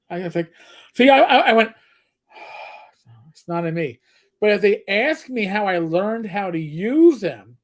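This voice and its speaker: Middle-aged man, livestream co-host, rambling jokey storyteller. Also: sits high. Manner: rambling storyteller, joking, frequent restarts. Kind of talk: casual livestream chat.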